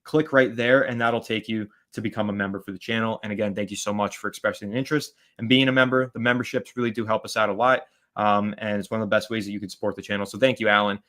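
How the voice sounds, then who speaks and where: Bright-voiced chatty man hosting a stream. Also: lowish voice, fairly even intonation, fast talker. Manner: chatty, rambling, shouts out viewers by name. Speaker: host of a fan live stream. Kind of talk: casual live-stream chat reading viewer comments.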